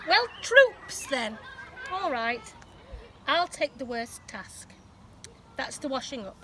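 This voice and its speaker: A cheery, bossy storybook father, voiced by a woman reader. He barks brisk orders like a drill sergeant. The voice is bright and bouncy. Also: sits high, very animated, slight background noise, exaggerated voice. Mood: commanding.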